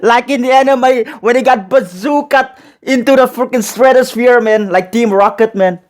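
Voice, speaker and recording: Speaking at normal speed, a high-voiced man offers casual reactions to a show as a reaction video host. He keeps going back over the same points and ends almost every sentence with "man."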